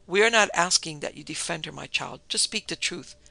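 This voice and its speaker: A man doing a calm, smiling prosecutor. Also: a little high, vocal fry. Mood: measured. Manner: measured, quietly smiling.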